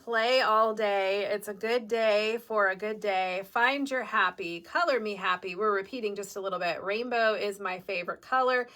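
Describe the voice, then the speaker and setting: A woman's voice: medium pitch, moderate pace, hardly any pauses, pushed and bright. A woman with a Midwestern American accent hosting a live shop sale, chatty and upbeat, explaining step by step. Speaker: quilt shop host.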